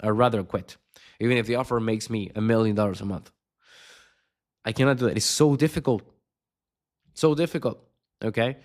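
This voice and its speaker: A man's voice: on the low side, normal speed, pauses often. A man coaching on sales in an unscripted video lesson, blunt and swearing constantly, with punchy emphatic delivery.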